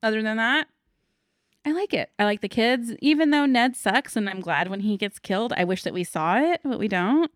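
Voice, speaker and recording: A woman's voice: fairly high pitch, animated, moderate pace, clear, resonant tone, no room sound, studio quality. A woman co-hosting a podcast, chatting casually and frankly, with some swearing. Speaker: podcast co-host. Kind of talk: casual chat.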